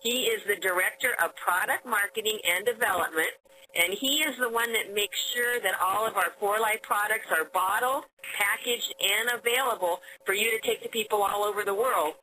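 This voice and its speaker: Woman, phone-call host, bright and eager, faint line noise. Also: medium pitch, normal speed. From Oregon, USA. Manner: chatty and enthusiastic, with frequent restarts. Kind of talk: hosting a recorded conference call. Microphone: telephone.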